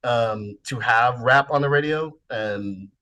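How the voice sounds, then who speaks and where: A man in his forties from the Bay Area, reminiscing in casual podcast chat, relaxed and swearing now and then. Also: mid-range voice, takes it slowly. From San Francisco Bay Area. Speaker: podcast host.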